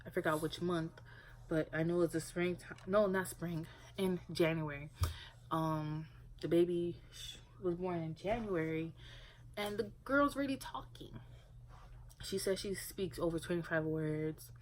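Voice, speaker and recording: A young woman with a somewhat low voice talks casually to her camera at home. She rambles and leans on filler words as she goes. A faint hiss of room noise sits under her voice. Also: unhurried, low-quality recording. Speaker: parent vlogger.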